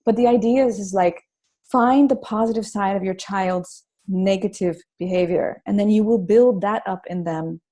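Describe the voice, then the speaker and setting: Mellow-voiced woman telling parenting stories. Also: mid-range voice, moderate pace. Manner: animated storytelling with many restarts and fillers. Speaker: parenting author and guest. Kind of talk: casual interview conversation.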